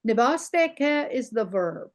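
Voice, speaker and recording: An older woman teaching a language lesson over a video call, slow and patient, repeating words for her learners. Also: a little high, sing-song.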